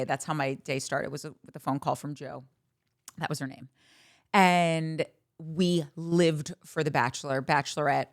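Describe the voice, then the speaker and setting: A woman's voice: deep voice, fairly bright tone, no room sound, studio quality. A woman in her thirties hosting a podcast in casual chat, candid, bawdy and gushing as she talks. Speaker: podcast host.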